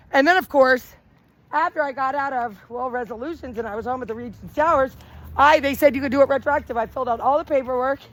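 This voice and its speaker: At night on a city street, a woman livestreams outdoors, talking into her phone in a flamboyant, rambling manner and hopping between topics. Her voice is high.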